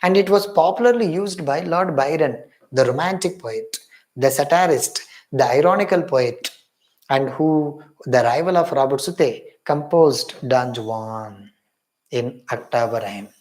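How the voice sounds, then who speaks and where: A man's voice: mid-range voice, measured pace, darkish tone. A man with an Indian English accent giving an exam-prep literature lecture, emphatic, repeating key points and calling viewers his friends.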